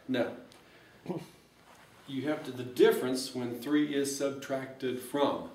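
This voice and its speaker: A man's voice: medium pitch, lively intonation, slow pace, long pauses, a little mellow, distant mic. A man teaching an algebra lesson, explaining step by step with joking, folksy asides. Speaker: math teacher. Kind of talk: recorded math lesson. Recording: echoey room, voice from off-mic, faint hiss.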